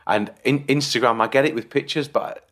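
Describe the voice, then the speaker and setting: A man's voice: mid-range voice, a little fast, a bit bright. A British man co-hosting a podcast in casual chat, giving long-winded, self-deprecating answers. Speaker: podcast co-host.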